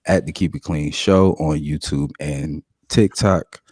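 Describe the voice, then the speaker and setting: A very deep-voiced American man hosting a casual podcast. His voice is husky, and it sits dry and close. His manner is laid-back as he hypes up the crew. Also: unhurried, a little mellow, dry recording. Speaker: podcast host.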